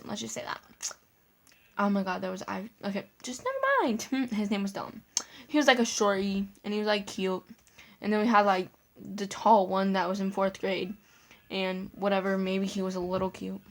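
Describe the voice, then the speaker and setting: A young woman vlogger casually shares a personal story with her viewers, her voice medium in pitch with a little hiss or hum. She's chatty, full of "like" fillers and giggly asides.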